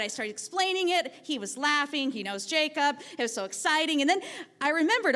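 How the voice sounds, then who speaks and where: Animated woman telling a stage story. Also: high voice, fast. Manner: animated, acts out quoted voices. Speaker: teacher. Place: theatre stage.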